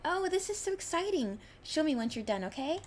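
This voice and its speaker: A woman's voice: on the high side, fast talker, darkish tone, a little hiss or hum, close to an everyday voice. A woman voicing a cheerful, scatterbrained young woman in a visual novel, bubbly and teasing. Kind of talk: reading a visual novel aloud.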